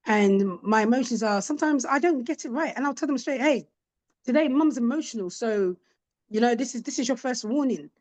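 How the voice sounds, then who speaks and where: A lively middle-aged woman talking candidly as a podcast guest, her voice sitting fairly high. She tells her stories with energy and slips into the voices of the people in them. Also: brisk. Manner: animated, acts out quoted voices of her children. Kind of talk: candid conversational storytelling.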